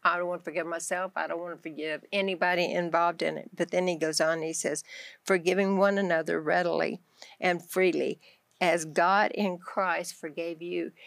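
A Texan woman appears as a guest author on a Christian talk show, animatedly telling her faith story and acting out her own prayers. Her fairly low voice is creaky, with no room sound.

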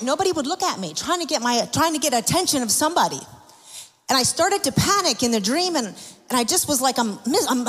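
In a sermon testimony, a woman shares personal stories in an earnest, confessional manner, often restarting her sentences. Her high-pitched voice is expressive and quick, and the recording carries a long hall reverb.

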